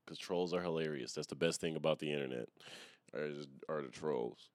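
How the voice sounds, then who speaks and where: Young male podcaster, very deep voice, dry close sound, loose profane self-mocking solo rant. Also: brisk, no echo. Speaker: podcast host. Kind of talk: casual solo podcast monologue.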